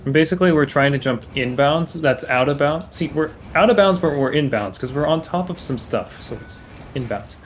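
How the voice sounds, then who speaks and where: A man explaining a speedrun route as he plays, in a halting, loose live-stream commentary style. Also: a little high, animated, a little hiss or hum, low-quality recording. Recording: game music playing behind the voice.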